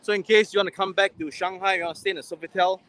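A man with a Singaporean English accent, hosting a livestream while walking a city street. His voice sits high for a man, and he rambles with fillers and restarts as he talks into a handheld phone. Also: steady tone, rapid-fire, fairly bright tone. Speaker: livestream host. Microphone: phone held on a livestream.

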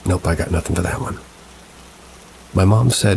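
A man reading true paranormal stories aloud in a measured, somber storytelling manner with dry asides. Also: low voice, creaky, background noise. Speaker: story narrator. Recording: steady rain sounds behind the voice. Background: rain ambience.

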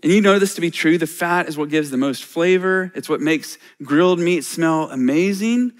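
A man's voice: fairly high pitch, moderate pace. A middle-aged man, a church elder, preaching a sermon in a conversational way with self-deprecating humor.

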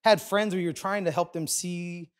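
A male pastor delivers a sermon, weaving in a personal story with lively, self-mocking humor. His voice sits a little high for a man, and he jumps quickly into playful asides. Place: large church auditorium.

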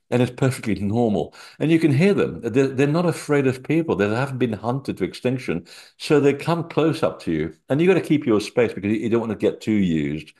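A man's voice: on the low side, warm tone. A man being interviewed, telling rambling, anecdotal stories with many fillers. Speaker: interview guest, author. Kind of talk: casual chat.

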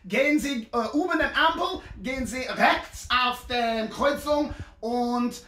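A man's voice: extremely high pitch, unhurried, sharp tone, echoey room. Jokey male teacher. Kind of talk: school presentation.

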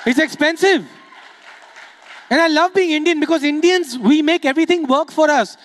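High-voiced chatty stand-up comedian. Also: male voice, a bit bright. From Dubai. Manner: quick, chatty, playful crowd work.

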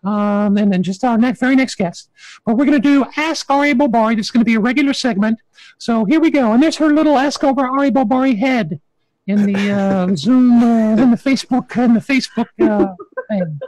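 A man's voice: very high-pitched, a little fast, a little mellow, no room sound, rough recording. A man hosting a comic talk show, chatty and self-mocking, often stumbling over his words. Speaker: host.

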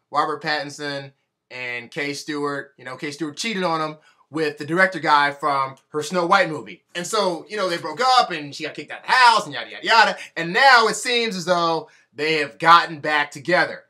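A man's voice: a little high, pushed and bright. A young man hosting a celebrity-news vlog, ranting in an exasperated, emphatic way. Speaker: vlogger.

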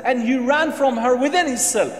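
Male preacher, high voice, emphatic storytelling, long hall reverb. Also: normal speed. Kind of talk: sermon storytelling.

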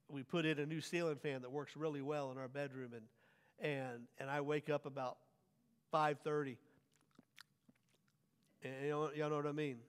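A man preaching a sermon as pastor, swinging from hushed lines to loud, drawn-out emphasis. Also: fairly high pitch, clear, resonant tone. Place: church sanctuary. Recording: long church hall reverb.

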